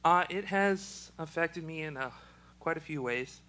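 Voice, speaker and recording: A young man, speaking haltingly in an interview with a choked, froggy-sounding voice. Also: a little high, sharp tone, poor audio. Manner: halting, with many ums and restarts. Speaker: special education teacher. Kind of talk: casual personal testimony.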